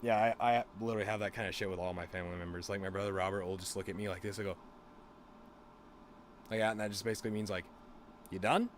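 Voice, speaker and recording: A man's voice: on the low side, fairly even intonation, very fast, slight background noise. A man streamer rambling through a crude, casual story with lots of fillers.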